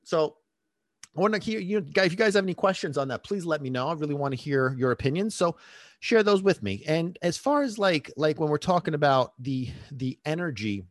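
A man's voice: a little high, animated, a little fast, no room sound, clean studio sound. A man hosting a dog-training podcast, talking casually and rambling into side tangents, laughing at his own stories.

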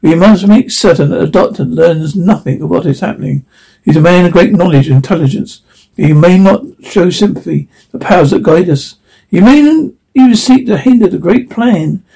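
A man voicing an ancient, mysterious monastery master, reading in a solemn, measured way. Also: high voice, gravelly, mellow, breathy edge, heavily acted, poor audio.

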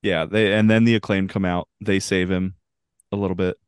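A man co-hosts a casual wrestling podcast, joking loosely and moving the talk along from one segment to the next. His voice is fairly low. The recording is close and dry. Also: level tone, moderate pace, clean tone, no echo. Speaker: podcast co-host.

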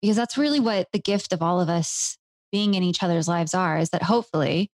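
A woman's voice: fairly low pitch, a little fast, dry recording, studio quality. A woman hosting a podcast, speaking in a reflective, earnest conversational way. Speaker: podcast host. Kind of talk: conversational interview.

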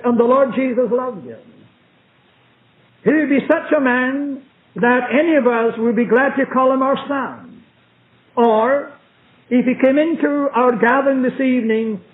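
A man preaching a sermon in church as a visiting preacher, reading scripture slowly and repeating himself for emphasis. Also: extremely high pitch. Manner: slow, emphatic, repetitive delivery. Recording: tinny phone-like old recording.

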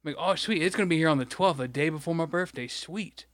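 A man's voice: on the high side, quick pace, a bit bright, no echo, studio quality. A man from Michigan, co-hosting a podcast, rambling through an exasperated, profane story in casual chat. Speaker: podcast co-host.

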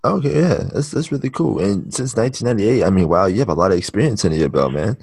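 A man hosting a casual interview podcast, relaxed and quick to laugh, with a slightly rough morning voice. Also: fairly low pitch, no room sound. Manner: relaxed, laughs easily, many ums. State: shaking off morning voice. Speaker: podcast host.

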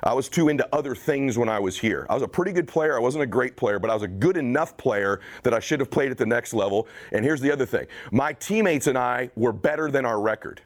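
A man's voice: mid-range voice, expressive, fast, few pauses. A man in his forties from the United States giving an intense motivational speech to a college team, building to emphatic urging. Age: 40s. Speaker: motivational speaker.

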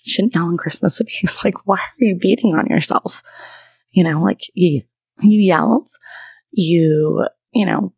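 A woman's voice: lowish voice, vocal fry, darkish tone, breathy edge, no echo. A woman in her thirties hosting a podcast as a trauma therapist, talking candidly and chattily with frequent laughs. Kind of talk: casual solo podcast talk.

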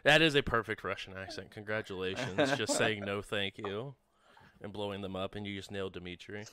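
Wry low-voiced game-master man. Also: fast talker, pushed and bright, smooth. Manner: wry, chatty, many ums and uhs. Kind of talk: casual tabletop game hosting.

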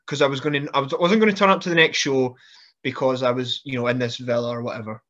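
Guesting on a podcast, a man tells funny stories in a relaxed, animated manner, laughing through them and restarting frequently. He speaks fairly quickly at medium pitch, and the audio sounds dull.

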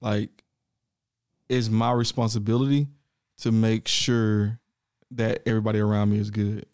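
A man's voice: lowish voice, little pitch movement, darkish tone, clear, resonant tone, dry recording. Reflective male podcast co-host, dry sound. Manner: reflective, halting, restarts often. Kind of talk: casual chat.

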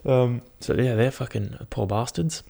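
A man's voice: mid-range voice, measured pace, creaky, dark tone. A young man, hosting a solo podcast in a rambling, laid-back, sweary way. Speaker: podcast host. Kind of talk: casual solo podcast chat. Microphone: podcast microphone.

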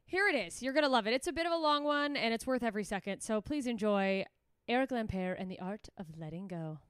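A woman's voice: a little high, lively intonation, fast talker, a bit bright, clear, resonant tone, dry recording, studio quality. Candid, swearing podcast host woman. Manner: candid, swears freely, laughs a lot. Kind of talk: casual podcast chat.

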